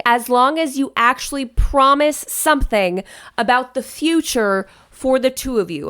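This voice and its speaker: A woman's voice: fairly high pitch, fairly bright tone. A woman wedding planner giving advice in a casual vlog, chatty and direct, often checking in with "okay?".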